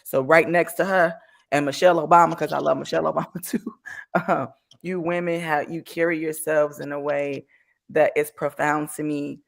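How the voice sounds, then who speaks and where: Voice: mid-range voice, fairly even intonation, moderate pace, creaky. An interviewer speaking with admiration and getting emotional while asking a question.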